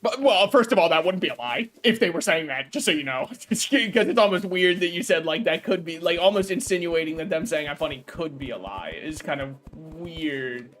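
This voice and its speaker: High-voiced joking young man streamer. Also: animated, moderate pace, few pauses, a bit bright. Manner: joking, rambling, laughs at own jokes. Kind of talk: casual gaming stream chat.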